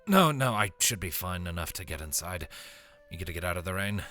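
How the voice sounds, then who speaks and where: A man's voice: low voice, expressive, fairly quick, sharp tone, faint music behind, voice pushed down. A man voicing a tired young traveler who speaks in a subdued way. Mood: weary. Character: weary young male traveler returning home.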